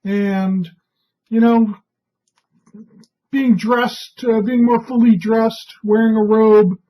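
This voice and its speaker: A woman trainer giving an instructional talk in a calm, conversational way, often checking in with "right?". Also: fairly high pitch, takes it slowly, lo-fi sound.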